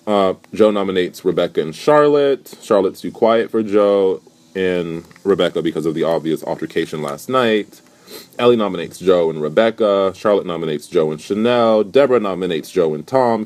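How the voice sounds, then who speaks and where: Deep-voiced young man gossiping. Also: darkish tone. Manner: gossipy, sarcastic, rambling. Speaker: vlogger. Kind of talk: casual reality-show recap.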